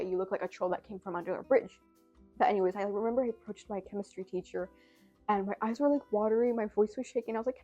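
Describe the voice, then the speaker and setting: A woman's voice: medium pitch, darkish tone. A young adult woman vlogging from home in a casual, rambling, self-deprecating way, with lots of fillers. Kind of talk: casual chat to camera.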